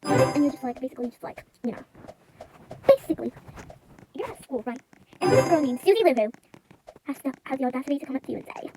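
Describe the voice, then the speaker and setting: A woman's voice: sits high, big pitch swings, fast, long pauses, low-quality recording. Sped-up chatty female storyteller. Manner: rambling, full of "like" and "you know". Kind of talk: casual story time. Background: loud music.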